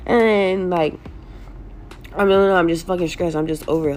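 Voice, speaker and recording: A woman's voice: fairly low pitch, fairly even intonation, normal speed, long pauses, darkish tone. A young single mother venting in a social media clip, exasperated and swearing, with faint noise behind her. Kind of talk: emotional social media vent.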